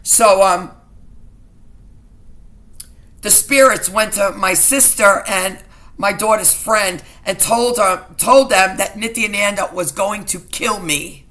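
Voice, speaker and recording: A woman's voice: medium pitch, unhurried, a bit bright. A middle-aged woman vlogging to her viewers in an emotional personal rant, indignant and agitated, often repeating herself.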